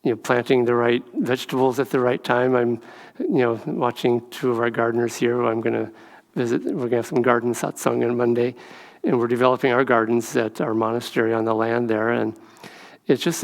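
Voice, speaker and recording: A man giving a gentle, rambling spiritual talk as a monastic speaker, telling stories with many fillers. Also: mid-range voice, long reverb tail. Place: temple hall.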